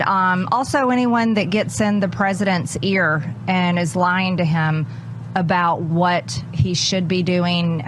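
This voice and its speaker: A woman's voice: lowish voice, background noise. A woman politician giving a TV news interview, pressing her points hard and repeating them for emphasis.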